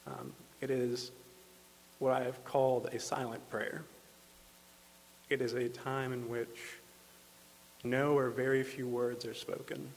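A man leading a congregation in prayer, measured and calm, pausing with fillers. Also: medium pitch, gravelly. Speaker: prayer leader. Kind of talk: slow spoken prayer. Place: church sanctuary. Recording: long church reverb with faint hum.

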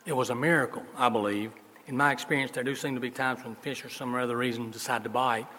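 Husky pastor preaching. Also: male voice, mid-range voice, fairly even intonation, fast talker. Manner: folksy storytelling, swings between loud emphasis and soft asides. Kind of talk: sermon. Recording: long reverb of a large hall.

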